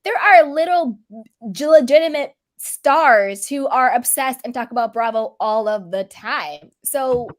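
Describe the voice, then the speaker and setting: A woman hosting a casual chat, talking in an animated way and laughing often. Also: high voice, unhurried. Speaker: host.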